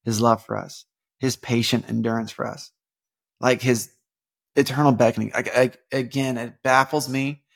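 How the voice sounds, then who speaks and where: A young man with a gravelly, mid-pitched voice talks through a devotional podcast episode. His delivery is loose and earnest, with stacked fillers, false starts and sudden animated bursts. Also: moderate pace. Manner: rambling and earnest, many fillers and restarts, bursts of animated emphasis. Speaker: podcast host. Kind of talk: casual devotional podcast talk.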